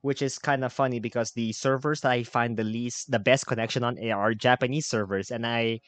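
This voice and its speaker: A man's voice: mid-range voice, fairly even intonation, fairly quick, fairly bright tone, no room sound. A man hosting a casual interview, asking questions with many restarts and fillers. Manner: hesitant, many restarts and fillers, laughs easily. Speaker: host.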